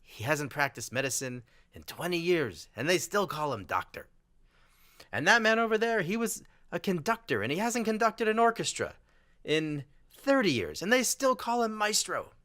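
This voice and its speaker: Brief: man putting on a gleeful elderly nursing-home resident, pitched well above his own voice, bright and lively. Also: moderate pace, exaggerated voice. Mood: delighted. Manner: punchline delivery, pitched up.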